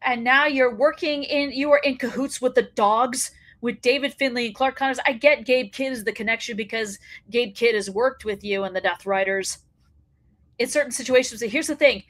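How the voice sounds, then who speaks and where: A woman's voice: a little high, normal speed, a bit bright. Fired-up woman ranting about wrestling. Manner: fired-up ranting, blunt and profane. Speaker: wrestling show host. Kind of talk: solo commentary show.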